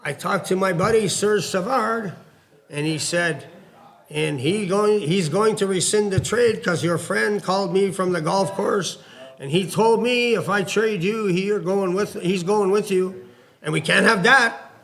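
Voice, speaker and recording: A man's voice: high-pitched, measured pace, gravelly, a bit bright, pitched above the performer's own voice, exaggerated voice. A man doing an impression of an older French-speaking hockey executive with a heavy French accent, rambling and scolding. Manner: rambling, emphatic, repeats himself.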